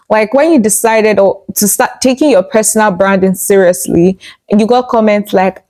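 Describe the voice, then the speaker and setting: A woman's voice: mid-range voice, lively intonation, normal speed, a little mellow. A young woman hosting her own channel, speaking straight to viewers with emphatic, repetitive explanations and direct questions. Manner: emphatic, repeats key phrases, asks viewers questions. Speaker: YouTube host. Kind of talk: direct-to-camera explainer talk.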